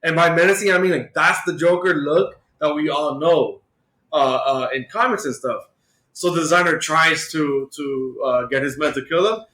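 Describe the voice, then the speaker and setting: A man's voice: on the high side, a bit bright, reverberant, low-quality recording. A man co-hosting a podcast, retelling a comic book story in casual chat full of "like" and "uh". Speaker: podcast co-host.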